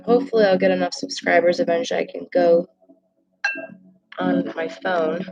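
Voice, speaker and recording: On a laptop at her home desk, a woman gives a chatty, emotional tarot reading over live stream, reacting out loud to what viewers comment. She speaks at a moderate pace in a low, steady, slightly mellow voice with vocal fry. Recorded on the laptop microphone, it sounds muffled.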